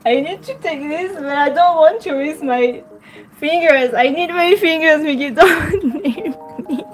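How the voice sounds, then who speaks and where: A woman's voice: high voice, unhurried. A woman vlogging with her pet, giggly, coaxing and pleading with it in casual talk. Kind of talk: casual pet vlog narration.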